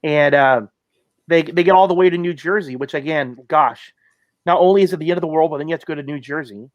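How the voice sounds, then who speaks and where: A man's voice: on the high side, quick pace, no room sound, highs cut off. Dry-sounding man recapping casually. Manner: recaps plot casually, many fillers and tag questions. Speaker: podcast co-host. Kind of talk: casual chat.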